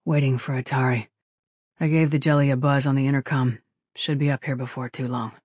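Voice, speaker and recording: A narrator voicing an ailing ship captain who sounds rough and shivery and speaks through gritted teeth with grim humor, in an audiobook. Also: male voice, medium pitch, level tone, brisk, a little mellow, dry recording, studio quality, natural voice. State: shivering, sick. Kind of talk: audiobook character voice.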